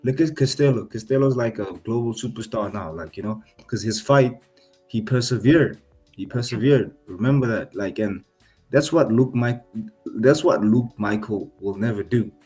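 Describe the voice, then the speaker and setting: A man's voice: medium pitch, normal speed, darkish tone, breathy edge, faint music behind. A man co-hosting a casual MMA podcast, stammering and repeating himself as he defends his picks. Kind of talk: casual sports banter.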